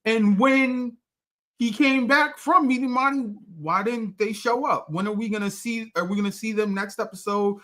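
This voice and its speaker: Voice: mid-range voice, normal speed, fairly bright tone. A co-host of a casual TV spoiler review who asks questions and pushes back on the other host.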